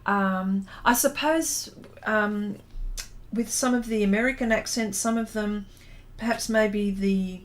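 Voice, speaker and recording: Slow-talking Australian woman, chatty. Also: a little high. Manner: chatty, giggly, hesitant with many ums. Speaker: artist hosting a livestream. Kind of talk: casual chat reading out viewer comments.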